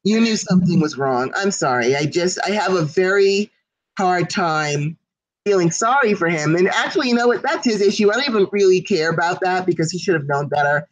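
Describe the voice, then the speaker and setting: A woman's voice: fairly low pitch, lively intonation, fairly quick, muffled recording. A woman co-hosting a casual talk show, talking at length in an emphatic, indignant way. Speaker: co-host. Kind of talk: casual chat.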